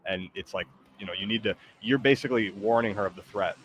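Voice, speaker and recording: A man with a lowish voice streams a battle royale game and chats casually. He rambles loosely, full of likes and ums. Faint clicks and game noise sit behind him. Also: quick pace.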